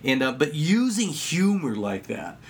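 A man explains how he connects with children through jokes, games and magic tricks. His delivery is instructional but playful, and his voice springs up sharply whenever he slips into the dialogue of his stories. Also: unhurried. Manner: lively storyteller who acts out dialogue with sudden pitch jumps. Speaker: children's ministry worker and magician. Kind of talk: instructional talk with anecdotes.

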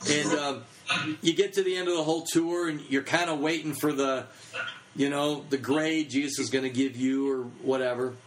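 Chatty guy in his 30s, rambly teaching story, um and uh everywhere, a bit high-pitched. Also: steady tone, rough recording. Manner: quick, chatty, full of fillers and restarts. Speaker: children's ministry speaker. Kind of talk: anecdotal teaching talk.

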